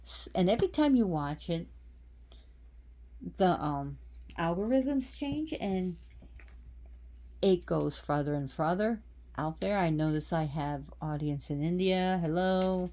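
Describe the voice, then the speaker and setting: Woman talking slow and low on her channel, rambly, keeps restarting bits. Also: expressive, warm tone. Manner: rambling, repeats and restarts phrases. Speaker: channel host. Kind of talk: casual spoken talk on a goddess.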